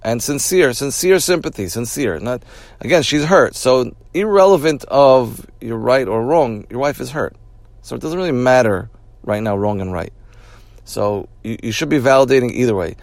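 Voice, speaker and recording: A man's voice: medium pitch, lively intonation, moderate pace, dry recording. A man hosting an advice podcast, talking it through in a repetitive way and restarting his phrases as he explains. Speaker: podcast host.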